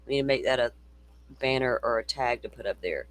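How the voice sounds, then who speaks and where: A man's voice: mid-range voice, a little fast, fairly bright tone. A middle-aged man hosting a casual true-crime livestream, swearing freely and reading viewer comments aloud. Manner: profane, ranting, reads viewer comments aloud.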